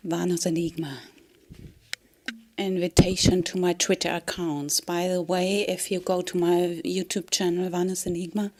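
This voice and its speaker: A woman giving a rambling comedic monologue in a halting way, often dropping into a whisper and breaking into giggles. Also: fairly low pitch. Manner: slow, halting delivery that drifts into whispers. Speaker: vlogger.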